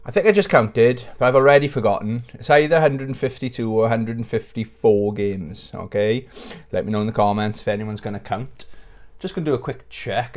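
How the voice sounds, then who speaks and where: A British man hosting a casual video channel, rambling and joking at his own expense into a plugged-in microphone. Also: lowish voice. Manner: rambling, jokey, self-mocking. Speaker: YouTube host. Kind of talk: casual vlog chat.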